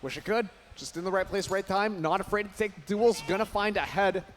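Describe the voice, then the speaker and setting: A man casting a live esports match with energetic play-by-play that rises to shouts on big plays. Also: high-pitched, a little fast. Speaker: esports caster.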